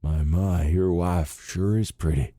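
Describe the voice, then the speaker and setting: A man voicing a ninety-year-old World War Two fighter pilot with a slow, raspy voice and a Southern accent. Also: low voice, steady tone, dark tone, no room sound, clean studio sound. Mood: kindly. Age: 90s. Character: very old male WWII fighter pilot, tired, gentle.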